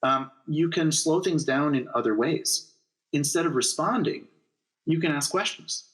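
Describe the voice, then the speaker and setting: A man's voice: a little high, a little slow, poor audio. A middle-aged man, a negotiation lecturer and author, giving explanatory answers in an interview and acting out bits of dialogue as examples. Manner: animated, acts out dialogue examples.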